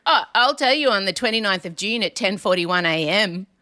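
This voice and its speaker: Woman podcast host, bright tone, animated, laughs often, casual chat. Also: mid-range voice, fairly quick. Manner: animated, laughing, dramatic readings.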